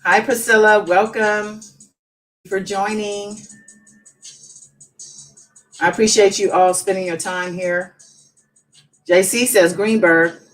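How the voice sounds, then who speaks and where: A woman's voice: medium pitch, steady tone, slow pace, pauses often, soft background music, low-quality recording. A woman hosting a casual live stream, chatting and musing as she reads news aloud with her own asides.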